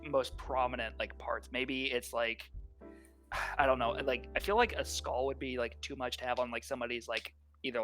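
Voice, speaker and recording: A man in casual chat, thinking out loud hesitantly and stumbling over his words. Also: medium pitch. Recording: faint music underneath.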